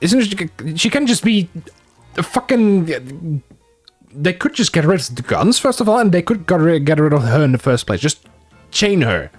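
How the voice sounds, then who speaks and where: A man's voice: fairly high pitch, big pitch swings, normal speed, breathy edge, faint music behind. A young man streaming a game, casual and self-mocking, swearing freely. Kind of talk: let's-play commentary.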